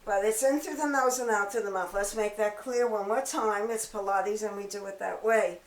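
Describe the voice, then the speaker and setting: A woman teaching a pilates mat class, counting reps and cueing breath with a slightly hoarse voice and chatty asides. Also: medium pitch, fairly even intonation, moderate pace, roomy sound, low-quality recording. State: throat-clearing, hoarse from allergies. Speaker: pilates instructor. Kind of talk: guided workout instruction.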